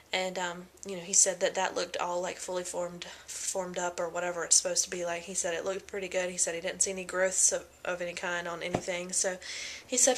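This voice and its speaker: A woman's voice: medium pitch, a little hiss or hum. A young woman talking casually in a pregnancy vlog, chatty and full of fillers, often acting out what people said. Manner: chatty, many fillers and quoted voices. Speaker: vlogger.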